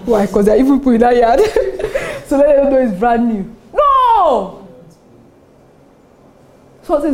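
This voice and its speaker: A Nigerian woman pastor preaching a sermon, animated and often laughing between her points. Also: high voice, measured pace, long pauses, slight background noise. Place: church service with congregation responding.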